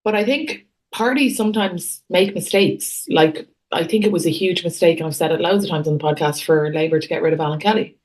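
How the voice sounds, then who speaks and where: Female podcast co-host, low voice, dry humour, frank opinions. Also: fairly quick, few pauses, a little mellow. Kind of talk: casual political chat.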